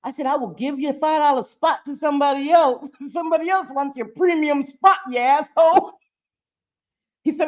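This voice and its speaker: A woman's voice: high voice, normal speed, darkish tone, muffled recording. A middle-aged woman hosting a casual live stream, talking bluntly and cursing freely with frequent laughter. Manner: blunt and profane, laughing often. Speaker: livestream host.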